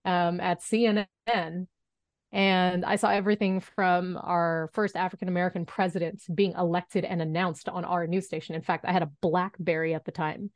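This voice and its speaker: A woman in her thirties telling a story as a podcast guest, animated and acting out the voices she quotes. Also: on the low side, moderate pace, dry recording. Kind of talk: storytelling in an interview.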